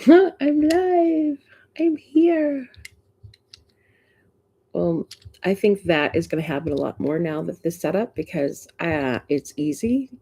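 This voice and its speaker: Middle-aged woman with a Boston accent, a live-stream host, low and dark-toned, chatty and quick to laugh. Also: creaky, husky. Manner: chatty, greets viewers and laughs often. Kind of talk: casual live-stream chat.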